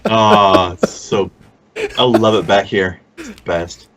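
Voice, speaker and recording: A man at a tabletop game cracking wry, dry jokes between turns. His voice sits on the low side. A faint hiss runs under the recording. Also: slow. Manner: joking, wry quips. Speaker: player. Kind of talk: casual game chat.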